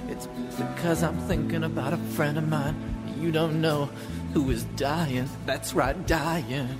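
A slow, mock-earnest ballad singer, as a man plays a jilted lover who insists he isn't crying. His voice sits fairly high and drawn out over full band music. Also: fairly even intonation, close to an everyday voice. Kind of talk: comedic sung ballad.

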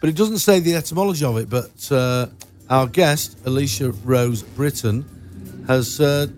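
A man's voice: mid-range voice, moderate pace, a little mellow, soft background music. A man hosting a radio show, chatting casually and joking with his guest, laughing often. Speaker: radio host. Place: radio studio.

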